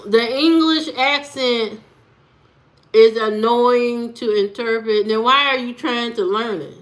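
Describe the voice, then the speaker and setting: Woman streamer, slow unhurried delivery, questions her chat bluntly. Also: a little high. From United States. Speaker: livestream host. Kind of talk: casual livestream chat.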